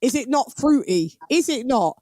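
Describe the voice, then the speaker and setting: Woman, boxing stream host, slangy animated banter, dry close sound. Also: high-pitched, moderate pace, no room sound. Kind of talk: casual livestream commentary.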